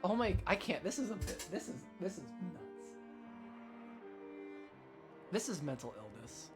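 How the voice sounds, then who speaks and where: A man's voice: sits high, sing-song, a little slow, over music. A man streaming as he reads a visual novel aloud, reacting with outraged swearing.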